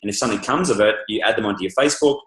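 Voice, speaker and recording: A man hosting a call, summing up in a loose, relaxed way with plenty of fillers. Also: lowish voice, racing, roomy sound, slight background noise, low-quality recording. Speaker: host. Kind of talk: casual call chat.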